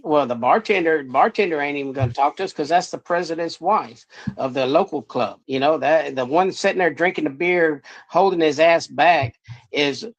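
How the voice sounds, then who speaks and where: A man's voice: fairly high pitch, normal speed, no room sound. A man speaking bluntly and indignantly in a played video clip.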